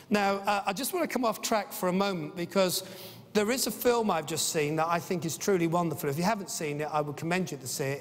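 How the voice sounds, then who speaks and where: A middle-aged man with a high voice, speaking at a business conference. He sounds enthusiastic and tells stories between points, often pausing on "uh". His voice carries the long reverb of a large conference hall. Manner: enthusiastic, anecdotal, with frequent "uh" fillers.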